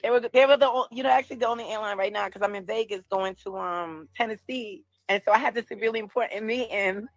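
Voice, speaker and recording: A woman's voice: medium pitch, dry recording, low-quality recording. Upset woman venting into her phone. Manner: upset, talking fast with sharp questions. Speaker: vlogger. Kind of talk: filming herself in a casual rant. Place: airport.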